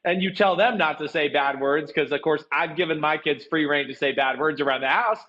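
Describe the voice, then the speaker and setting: Male host, playful and teasing, slightly high voice, dull recording. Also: a little fast, sharp tone. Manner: teasing, laughs often. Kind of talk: casual podcast chat. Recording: muffled audio.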